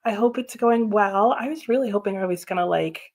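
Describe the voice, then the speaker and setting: With a brisk, medium-pitched and slightly mellow voice, a woman runs a live reading sprint stream. She's chatty and laughs often, reading out viewer comments and responding to them casually.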